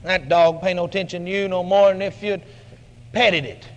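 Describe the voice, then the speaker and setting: Bright high-pitched preacher man in a reverberant hall. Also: fairly even intonation, moderate pace. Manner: emphatic, dramatic shifts in pitch and loudness. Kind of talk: radio sermon.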